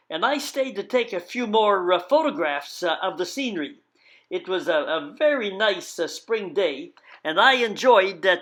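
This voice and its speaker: An older man from Canada telling a personal travel story in a folksy, wry way, halting often with "uh" fillers. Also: high-pitched, fairly bright tone. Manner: halting, many "uh" fillers, wry self-mocking humor.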